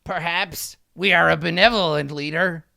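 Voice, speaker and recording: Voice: medium pitch, fairly even intonation, vocal fry, sharp tone, dry recording, studio quality, voice pushed up. A game master voicing a pompous, boastful male kobold king who rules a small tribe. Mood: grandiose. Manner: grandiose, drawn-out proclamations.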